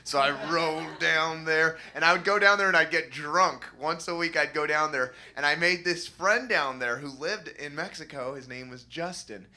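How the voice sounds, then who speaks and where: A young man doing stand-up storytelling, animated and jumping into high squeaky voices for the people he quotes. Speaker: stand-up comedian.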